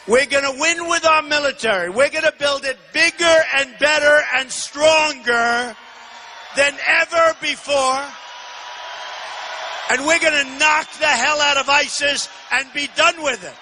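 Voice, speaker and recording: A man in his sixties giving an emphatic, repetitive campaign rally speech, often shouting. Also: very high-pitched, big-room sound, slight background noise. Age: 60s. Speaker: political candidate. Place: large indoor arena.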